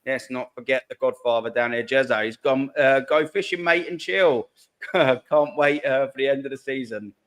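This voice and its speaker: A man's voice: medium pitch, steady tone, moderate pace, clear, resonant tone. A man hosting a live fan call-in stream, chatty and slangy, swearing freely and calling everyone mate. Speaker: host of a fan call-in show. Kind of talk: casual live-stream chat.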